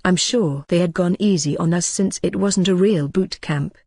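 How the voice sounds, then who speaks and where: Dry, steady audiobook narrator. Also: medium pitch, normal speed, dry recording. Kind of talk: scripted light novel narration.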